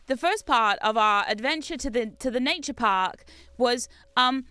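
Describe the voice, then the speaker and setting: A woman's voice: sits high, bright, forceful tone, no room sound. A woman streaming a game, telling stories in a chatty, self-mocking way with frequent laughs. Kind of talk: casual chat while gaming.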